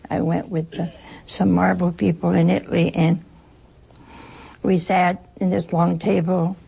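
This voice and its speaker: A woman's voice: fairly low pitch, little pitch movement, a little slow, gravelly, mellow, breathy edge, poor audio. A woman giving an informal talk to an audience, a folksy, joking storyteller who acts out little exchanges. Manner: acts out short exchanges in other voices. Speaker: speaker addressing an audience. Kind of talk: informal spoken talk with anecdotes.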